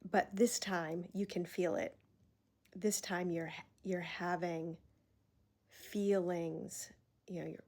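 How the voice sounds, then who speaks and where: A woman talking in a reflective personal vlog, earnest and emotional, pausing often and sighing. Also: lowish voice, a little mellow. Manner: slow, heartfelt, pausing often with sighs. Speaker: vlogger.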